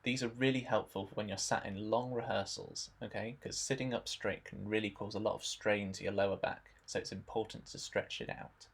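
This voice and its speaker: A young man narrating a stretching warm-up demonstration in a relaxed instructional voice-over, adding dry jokes. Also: lowish voice, brisk, creaky, few pauses, slightly rough. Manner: dry, joking asides.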